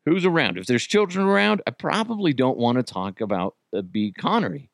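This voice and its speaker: A man hosting a comedy podcast, rambling through stories and swearing freely. His pitch jumps all over the place as he talks. He is recorded close and dry, with no room sound. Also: big pitch swings, a little fast, gravelly, no echo. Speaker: podcast host. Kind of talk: casual comedic monologue.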